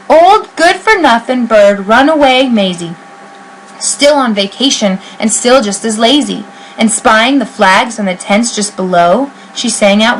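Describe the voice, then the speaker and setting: A woman reading a children's picture book aloud in an expressive, sing-song rhyming voice. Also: fairly high pitch, unhurried, a little hiss or hum, low-quality recording. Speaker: reader.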